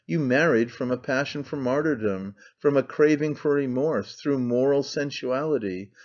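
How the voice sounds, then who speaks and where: Reading an audiobook, a man voices a frantic, impassioned character who pleads and accuses intensely, in an accusing mood. His own voice is medium-pitched, a little mellow, and close to everyday speech, at normal speed. The recording has a slightly dull, lo-fi sound.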